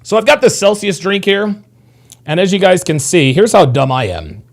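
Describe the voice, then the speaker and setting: Gravelly, animated man hosting a livestream. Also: high-pitched, moderate pace. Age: 30s. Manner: rambling, profane, reads chat comments. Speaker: livestream host. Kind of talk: casual livestream commentary.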